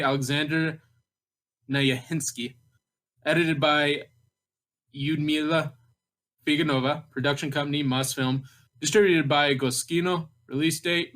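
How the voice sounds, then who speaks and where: A man's voice: on the high side, a bit bright. A man co-hosting a casual podcast, joking around and stumbling over hard names while reading film facts. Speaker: podcast co-host.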